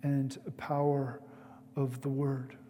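A man preaching a sermon as a pastor, speaking in a measured way with pauses. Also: medium pitch, monotone, dark tone, in a large hall, slight background noise.

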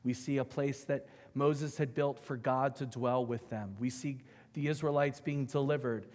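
A middle-aged male pastor preaches in a church sanctuary, his voice carrying a long reverb tail through the hall. He tells stories with animated emphasis, alternating between loud and hushed passages, at a mid-range pitch. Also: normal speed. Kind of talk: sermon with personal storytelling.

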